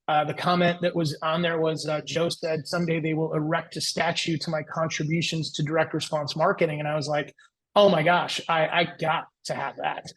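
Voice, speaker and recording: A man in his forties, a podcast guest, telling his career story in a lively, anecdotal way and acting out the voices he quotes. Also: on the high side, low-quality recording. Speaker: guest entrepreneur.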